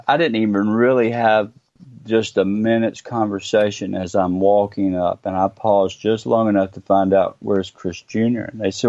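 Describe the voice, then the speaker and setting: Gravelly man, earnest storyteller. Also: on the low side, a little mellow, no room sound, highs cut off. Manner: earnest, halting retelling with many pauses. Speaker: guest. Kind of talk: personal storytelling interview.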